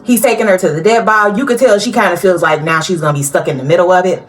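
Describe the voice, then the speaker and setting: A woman hosting a casual TV recap, chatty and animated, talking straight to her viewers and laughing often. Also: on the low side, fast talker. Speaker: TV recap host.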